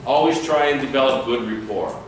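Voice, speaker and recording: A man's voice: mid-range voice, a little fast, a little hiss or hum. A man giving a classroom training lecture, acting out short sample dialogues. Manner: lively, demonstrates dialogue with acted lines. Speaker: security trainer. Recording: echoey room, speaker far from mic.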